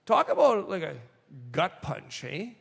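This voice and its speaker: High-voiced man preaching in a reverberant hall. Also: gravelly. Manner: animated, slows for quoted lines, asides to the congregation. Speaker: pastor. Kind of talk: sermon reading and commenting on scripture.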